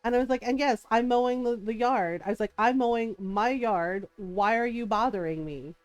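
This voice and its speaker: A middle-aged woman streamer chatting casually, telling an animated story with frequent laughs and quoted voices. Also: on the high side, normal speed, smooth, dry recording, lo-fi sound. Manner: animated, laughing often, quoting others in shifting voices.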